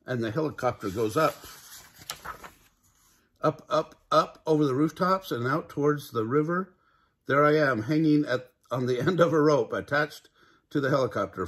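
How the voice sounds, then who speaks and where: An older man reading aloud plays a nervous storybook walrus who pictures one disaster after another. The voice stays husky and mid-pitched, an everyday reading voice rather than a put-on character. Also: fairly bright tone. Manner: rambling, fretful storytelling. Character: anxious walrus, endlessly imagining disasters.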